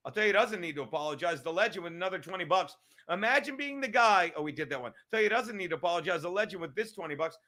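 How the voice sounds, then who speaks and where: Give me a high-pitched man hosting a show, ranting angrily and cursing as he repeats himself for emphasis. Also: expressive, quick pace, bright, forceful tone. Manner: angry, swearing constantly, emphatic repetition. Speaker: podcast host. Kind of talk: profane live-stream rant.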